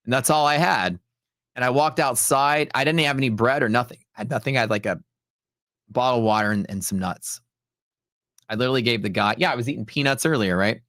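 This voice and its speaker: A man's voice: mid-range voice, brisk, fairly bright tone, dry recording, studio quality. A man hosting a live trading stream, telling rambling stories in a casual, chatty way with lots of "like" and "dude". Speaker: livestream host and futures trader.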